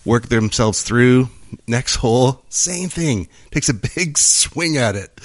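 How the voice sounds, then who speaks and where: A man's voice: mid-range voice, animated, no echo, studio quality. A man co-hosting a podcast in casual chat, telling a joke with many restarts and laughs. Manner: halting, many restarts, laughs and shouts while telling jokes. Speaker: podcast co-host. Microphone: close studio mic.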